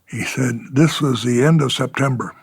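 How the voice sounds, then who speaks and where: A man's voice: medium pitch, normal speed, vocal fry, husky, dry recording. An older man, a retired fighter pilot, telling war stories in an oral history interview, chuckling and acting out the exchanges he quotes.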